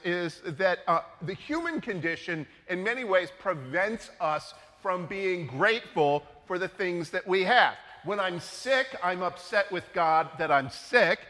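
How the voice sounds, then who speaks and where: High-voiced priest preaching slowly in a church. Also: male voice, sharp tone. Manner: conversational, keeps adding "right?". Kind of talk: sermon. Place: church sanctuary. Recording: long church reverb.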